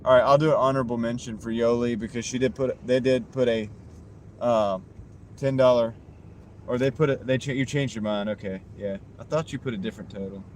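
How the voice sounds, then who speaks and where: A man's voice: medium pitch, fairly even intonation, brisk, a little mellow, slight background noise. A man chatting casually with his live-stream viewers while he drives for a delivery app, wearing a clip-on mic in his car. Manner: chatty, talks to viewers' chat while driving. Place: inside a car on the road. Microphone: wireless clip-on mic.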